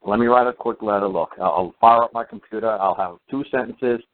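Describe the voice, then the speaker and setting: A man's voice: fairly low pitch, brisk. A man telling a long story in a casual, rambling way, full of fillers and restarts. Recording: tinny phone line.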